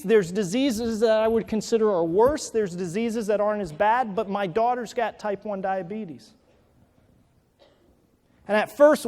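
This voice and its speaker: This motivational speaker has a high, slightly mellow voice, and his keynote echoes through a big hall. He starts with a personal story before rising into forceful calls to action for the audience.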